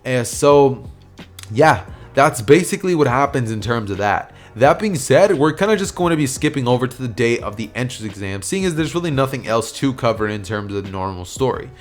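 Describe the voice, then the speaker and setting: A man's voice: mid-range voice, animated, a little fast. A man narrating an anime fan story in a casual, rambling way with plenty of fillers. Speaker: YouTube storyteller. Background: soft music.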